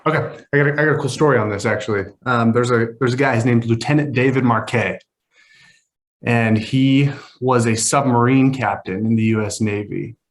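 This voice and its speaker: A man's voice: mid-range voice, moderate pace. A man co-hosting a casual business podcast. He explains things step by step. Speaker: podcast co-host.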